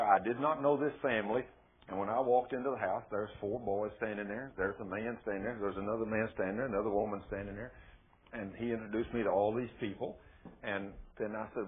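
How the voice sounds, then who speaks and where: Folksy preacher, phone-thin sound. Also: male voice, medium pitch, phone-quality sound. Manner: folksy and emphatic, often rising to loud exclamations. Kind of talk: storytelling sermon.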